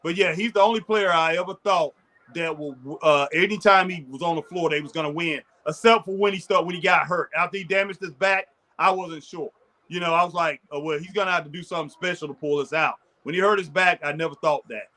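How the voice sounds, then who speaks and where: A man co-hosting a casual sports chat show, excitable and reminiscing, laughing often as he talks. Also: on the high side, fairly quick. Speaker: podcast co-host.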